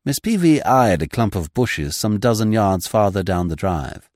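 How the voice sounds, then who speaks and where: A man reading a classic comic novel aloud in measured, expressive narration. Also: fairly low pitch, dry recording, studio quality. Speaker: audiobook reader.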